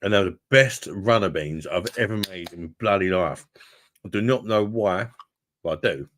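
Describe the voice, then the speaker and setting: A man's voice: deep voice, moderate pace, fairly bright tone, dry recording. A man casually chatting on a livestream, swearing freely and calling his viewers mate. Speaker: livestream host reading chat. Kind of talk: casual live chat.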